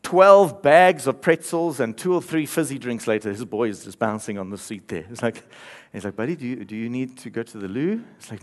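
A male pastor delivers a sermon. He tells a story with playful asides and chuckles between lines. His pitch sits in the ordinary middle range for a man. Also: sing-song, moderate pace.

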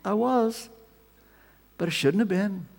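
A man preaching a sermon, telling the story with animated swings between loud emphasis and quiet asides. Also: high voice, takes it slowly, creaky. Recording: long reverb of a large hall.

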